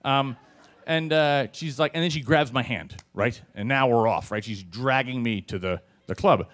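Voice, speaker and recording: A man telling a personal story on stage to a live audience, animated and conversational, with plenty of fillers and swearing. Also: medium pitch, moderate pace.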